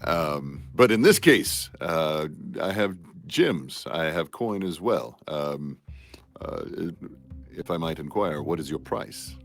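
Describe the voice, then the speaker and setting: A man's voice: rumbling low, expressive, takes it slowly, faint music behind. A man playing in character at a tabletop game, speaking in a formal, courtly way. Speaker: player. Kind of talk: in-character tabletop role-play.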